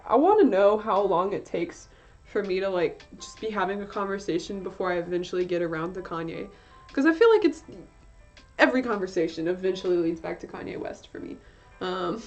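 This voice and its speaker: A woman's voice: medium pitch, darkish tone. A young woman streaming, chatting casually with her viewers, rambling and giggling, swearing now and then. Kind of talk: casual chat while working. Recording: slightly dull lo-fi stream audio with faint music. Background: faint music.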